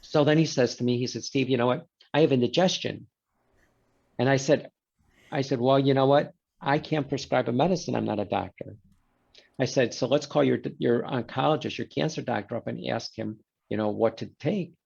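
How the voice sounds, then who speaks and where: A man's voice: medium pitch, normal speed, gravelly, breathy edge, dull audio. A man, a guest in a conversation, telling a story and acting out the quoted exchanges. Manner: animated storyteller who voices quoted exchanges.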